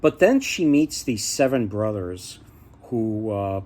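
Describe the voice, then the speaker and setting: A man's voice: lowish voice, very animated, slow, a little mellow, a little hiss or hum. Man rambling through a folk tale. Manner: rambling, many fillers and restarts. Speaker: storyteller. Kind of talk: casual spoken retelling of folk tales.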